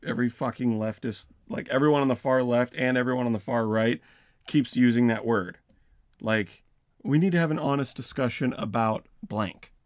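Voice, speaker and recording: A man's voice: mid-range voice, dry recording, studio quality. A man co-hosting a casual podcast, blunt and opinionated, swearing as he talks. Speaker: podcast co-host.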